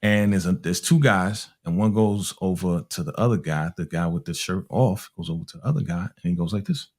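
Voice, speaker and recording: A man from Harlem, a music producer telling a story in a casual, animated way and acting out the people in it. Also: sits low, brisk. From Harlem, New York. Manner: animated, acts out other people's voices with slang.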